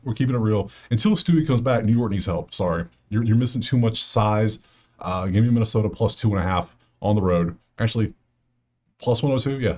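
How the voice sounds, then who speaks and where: A man hosting a sports betting channel, casually breaking down games and picks while thinking out loud in slangy talk straight to his viewers. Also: lowish voice.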